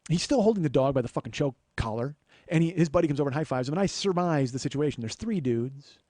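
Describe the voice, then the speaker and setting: A man's voice: fairly high pitch, lively intonation, quick pace, dark tone, no echo, studio quality. A male comedian and podcast host telling a profane, sardonic story as a ranting monologue.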